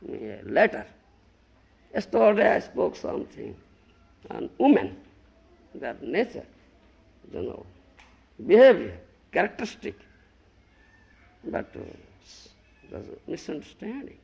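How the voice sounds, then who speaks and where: A man giving a sermon as a guru, emphatic and repetitive, swinging from loud scolding to a low murmur and often asking "You understand?". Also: huge pitch swings, slow, vocal fry, long pauses, slightly rough. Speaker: guru giving a scripture lecture. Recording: dull lo-fi 1990 lecture tape.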